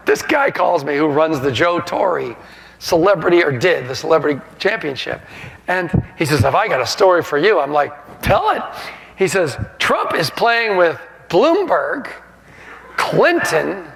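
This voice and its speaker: An older man, an author, telling animated anecdotes to an audience and acting out the voices he quotes. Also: sits high, unhurried, gravelly, in a large hall. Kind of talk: storytelling to an audience.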